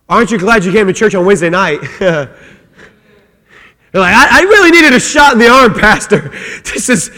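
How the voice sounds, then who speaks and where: A man's voice: high voice, long reverb tail. A man preaching a sermon as pastor, earnest and repeating words as he builds his points. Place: church.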